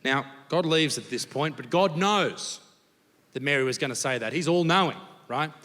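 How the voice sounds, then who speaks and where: Brash Australian comedian, bright and high. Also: male voice, normal speed. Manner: crude, brash, swearing. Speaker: stand-up comedian. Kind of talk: stand-up comedy. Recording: live hall with long reverb.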